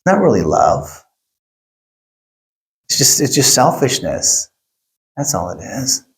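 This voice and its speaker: A middle-aged male pastor preaching a sermon, telling stories in an animated way and acting out quotes. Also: mid-range voice, takes it slowly, creaky. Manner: animated storytelling, acts out quotes. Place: church.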